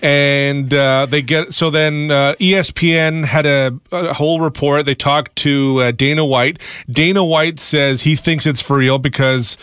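A man's voice: a little high, fairly even intonation, a little slow, a bit bright, clear, resonant tone, no echo. A man co-hosting a radio show, talking with many uhs and stammered restarts. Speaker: radio co-host. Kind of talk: morning radio banter.

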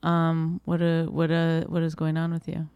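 A woman co-hosting a comedy podcast, bickering and laughing with quick comebacks in a low voice she says can sound like a man's. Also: completely flat delivery, clear, resonant tone, no room sound, lo-fi sound. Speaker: podcast co-host. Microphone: studio microphone.

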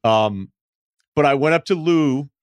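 A man hosting a sports podcast, telling stories in casual chat with quick asides. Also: on the high side, clear, resonant tone, no echo. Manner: animated storyteller with quick asides. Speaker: podcast host.

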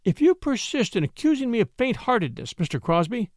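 A man voicing a brave, gently teasing young woman in a storybook reading, lifting his pitch. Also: sing-song, brisk, dry recording, clean studio sound. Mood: earnest, teasing.

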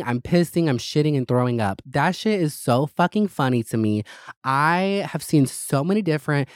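A man's voice: mid-range voice, normal speed, dry recording. Sassy guy running his own podcast, cussing and gossiping, dead dry room. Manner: gossipy, profane, sassy, animated storytelling. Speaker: podcast host. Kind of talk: casual solo podcast chat.

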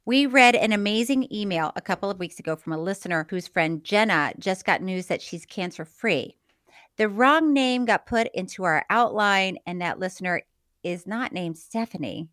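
A woman co-hosting a podcast in casual chat, laughing often and talking in a playful, animated way. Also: medium pitch, moderate pace. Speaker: podcast co-host.

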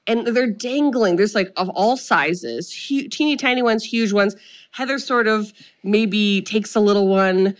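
A young adult woman co-hosting a casual chat, retelling a film with animated storytelling and quoted lines. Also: mid-range voice, a little slow. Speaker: podcast co-host.

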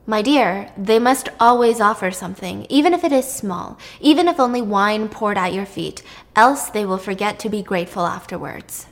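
A weary, stern old sea goddess grandmother lectures slowly and dismissively, voiced by a woman storyteller. She sounds unimpressed and a little impatient. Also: medium pitch, animated, close to an everyday voice.

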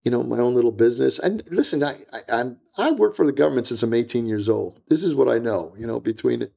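A man's voice: medium pitch, animated, fast, vocal fry, warm tone. A man, a retired agent, telling stories in a casual interview, rambling and blunt and acting out what other people said. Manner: rambling, repeats himself, blunt, acts out quoted voices. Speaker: retired DEA agent, guest.

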